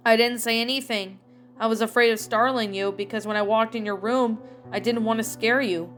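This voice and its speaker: A woman's voice: a little high, fairly quick, faint music behind, close to an everyday voice. A woman reading a fan story aloud, voicing a friendly, caring pirate captain who is a man. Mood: concerned. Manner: calm, caring.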